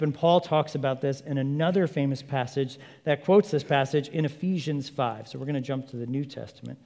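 A man preaching a sermon, an animated storyteller who jokes and acts out little scenes. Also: mid-range voice, big-room sound. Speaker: pastor.

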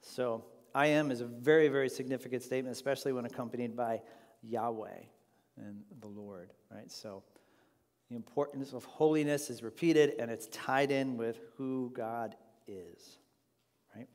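A man's voice: mid-range voice, normal speed, darkish tone, big-room sound. A man leading an informal Bible study class, talking conversationally and putting questions to the group.

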